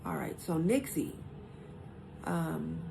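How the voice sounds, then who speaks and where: A woman's voice: low-pitched, animated, takes it slowly, vocal fry, noisy background. A woman hosting a casual live stream, chatty and reassuring toward her guests. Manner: reassuring, chatty, reads stats aloud.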